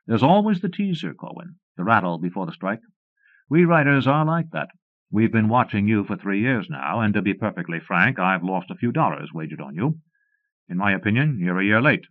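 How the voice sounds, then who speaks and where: A man reading aloud, voicing a plump, genial middle-aged man who gently talks down to others. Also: lowish voice, very animated, moderate pace, no room sound. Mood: persuasive. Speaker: pastor. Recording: muffled phone-like cassette audio, dry.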